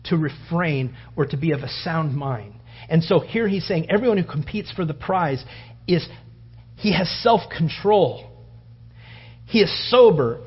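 A man preaching a sermon, acting out the story with loud outbursts and hushed whispers. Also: sits high, breathy edge. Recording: dull lo-fi sound.

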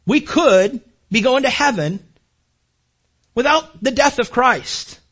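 Older pastor, high and husky, casual sermon style with restarts. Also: male voice, lively intonation, slow pace, a bit bright. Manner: conversational, repeats words while building a point.

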